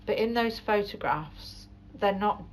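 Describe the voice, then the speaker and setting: A woman's voice: mid-range voice, a little slow, a little hiss or hum, low-quality recording. A woman interviewing, asking thoughtful, probing questions. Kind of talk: conversational interview.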